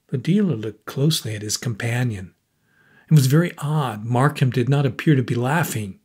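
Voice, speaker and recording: A man reading a classic story aloud as an audiobook narrator, in a measured storytelling manner. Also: medium pitch, a little mellow, slightly rough. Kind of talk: scripted narration.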